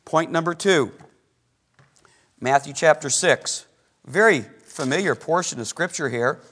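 High-voiced middle-aged man preaching. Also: unhurried. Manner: animated storyteller, swings from loud excitement to hushed; asks the congregation questions. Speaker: pastor. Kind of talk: sermon with personal story.

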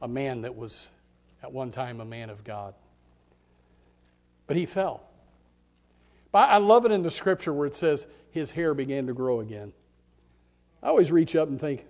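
A man preaching a sermon, swinging from hushed, almost whispered lines to shouted climaxes, repeating words in bursts. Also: medium pitch, lively intonation, moderate pace, long pauses.

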